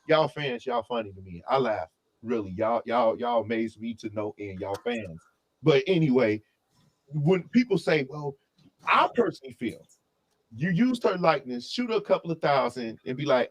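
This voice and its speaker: A man co-hosting a casual album review, talking in an opinionated, animated way full of asides and restarts. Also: medium pitch, moderate pace.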